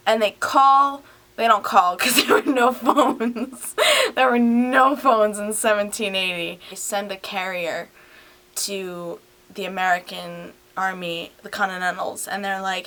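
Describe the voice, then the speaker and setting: Filmed at home on a handheld camera, a tipsy young woman giggles and curses her way through a rambling, casual retelling of a history story, dropping slurred asides. She speaks at a normal speed in a bright, forceful, medium-pitched voice.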